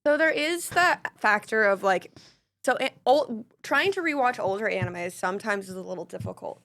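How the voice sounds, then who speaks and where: A woman's voice: medium pitch, expressive, moderate pace, a bit bright, no room sound. A woman co-hosting a podcast in casual chat, easygoing and dropping wry asides.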